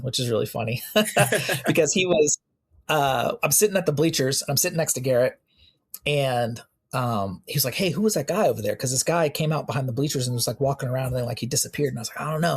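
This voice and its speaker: Casual storytelling in an interview comes from a young man from the United States who works as a police officer and appears as a podcast guest. His husky, gravelly voice is medium in pitch, and he animates quoted exchanges by performing each person.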